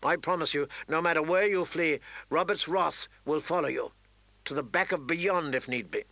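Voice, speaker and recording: A man reading aloud voices a stern, honorable nobleman who speaks quietly and dryly. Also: on the high side, moderate pace, gravelly, no room sound. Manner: quiet, dry, grave.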